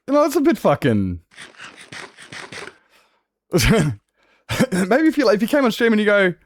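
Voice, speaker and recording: A rough-edged Australian man chats with his stream audience, swearing freely and laughing often. His pitch jumps around in lively swings. The sound is dry and close, picked up on a desk microphone. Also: normal speed, long pauses, dry recording. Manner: animated, jokey, laughs often. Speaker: game streamer. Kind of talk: live game-stream chat.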